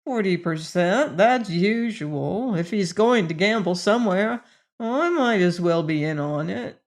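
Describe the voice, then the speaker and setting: A woman's voice: medium pitch, expressive, a little slow. A woman voicing a brash, slangy young man on the make in an audiobook, with a cocky street manner. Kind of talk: audiobook character voice.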